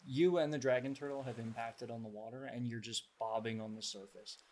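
A man's voice: medium pitch, steady tone, brisk, a little mellow. A man narrating a tabletop game as game master, describing scenes in detail. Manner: descriptive, evenly paced narration.

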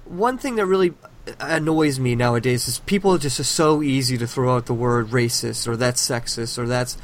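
A man hosting a casual podcast conversation, opinionated and animated, often restarting his sentences. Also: mid-range voice, moderate pace. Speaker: podcast host.

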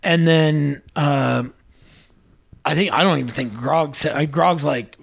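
Young man, casual podcast chat, excitable, profane, acts out quotes, slightly high voice. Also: unhurried, vocal fry. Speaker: podcast co-host. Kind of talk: casual chat retelling scenes.

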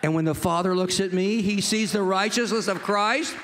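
A man preaching a sermon, telling a Bible story with animated delivery and acting out the voices of its characters. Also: high-pitched, normal speed, few pauses, crowd noise, background noise. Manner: jokes with the congregation.

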